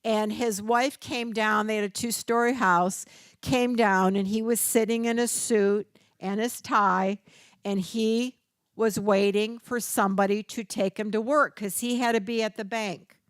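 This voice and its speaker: Older woman workshop presenter, unhurried, dry close sound, storyteller who acts out quotes. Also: mid-range voice, fairly even intonation, clean tone, dry recording. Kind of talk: teaching workshop talk.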